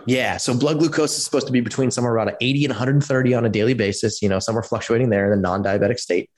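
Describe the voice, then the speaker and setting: A man in his forties from California, telling his personal story as a podcast guest in an animated way, acting out quotes and using lots of fillers. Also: mid-range voice, rapid-fire. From California, USA. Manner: animated storyteller who acts out quotes, many "like" and "you know" fillers.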